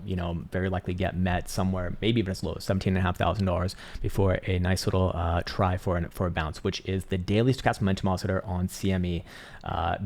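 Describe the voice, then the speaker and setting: Low gravelly man talking charts. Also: darkish tone. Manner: loose, rambling, fillers and casual swearing. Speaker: crypto market analyst host. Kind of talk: casual chart analysis commentary.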